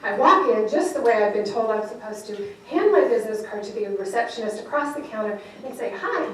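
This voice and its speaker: High-voiced woman, echoey hall speech. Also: quick pace, distant mic. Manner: animated, laughing often, acts out voices in her stories. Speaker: motivational speaker. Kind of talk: storytelling keynote speech. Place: large event hall with audience.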